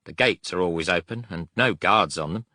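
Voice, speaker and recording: A man's voice: low voice, normal speed, bright, forceful tone, dry recording, studio quality. A man voicing a bitter young wounded pilot with a London accent, clipped and terse.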